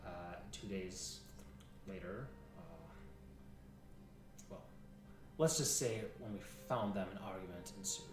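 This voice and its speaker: A man's voice: low voice, takes it slowly, long pauses, distant mic. A man narrating a tabletop game as game master, rambling and often cutting himself off mid-phrase. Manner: rambling, self-interrupting. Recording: echoey room, off-mic, music bed.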